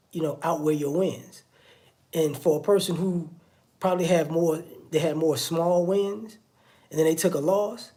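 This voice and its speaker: A man's voice: a little high, dark tone. A man giving a casual spoken monologue, conversational and repetitive. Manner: conversational, repeats "you know what I'm saying". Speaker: online commentator.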